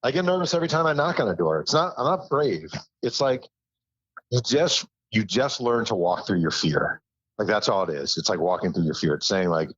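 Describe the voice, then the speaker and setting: A man's voice: fairly low pitch, fairly quick, breathy edge, no echo, highs cut off. A man, a guest author on a podcast, telling stories in a self-deprecating way and acting out what others said. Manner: animated storyteller who acts out quotes, self-deprecating. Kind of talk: casual interview storytelling.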